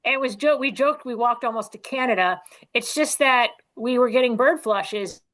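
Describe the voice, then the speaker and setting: A woman guest on a podcast, telling quick, animated anecdotes in casual conversation. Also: on the high side, poor audio. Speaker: guest author and dog trainer. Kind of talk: casual storytelling chat.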